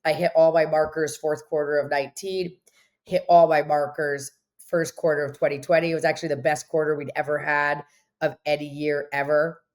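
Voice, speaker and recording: A woman with a fairly low speaking voice talks candidly in an interview. She tells her story with strong emphasis and a steady run of "like" fillers, sounding sure of every point. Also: moderate pace. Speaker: interview guest, restaurant owner.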